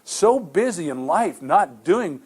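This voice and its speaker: A man's voice: high-pitched, sing-song, slow pace, breathy edge. A middle-aged male pastor preaching a sermon, telling stories earnestly with many repeated restarts.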